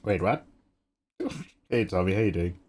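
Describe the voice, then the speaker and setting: Man, low pitch, sleepy, casual swearing storyteller, young adult. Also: unhurried, a little mellow, slightly rough. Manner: chatty storytelling with frequent laughs and swearing. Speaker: art streamer. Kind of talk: casual chat while drawing on stream.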